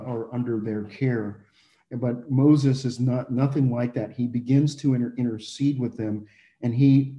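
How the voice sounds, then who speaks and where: A man teaching a Bible passage in a relaxed, conversational way, with many fillers and restarts. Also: medium pitch, reverberant.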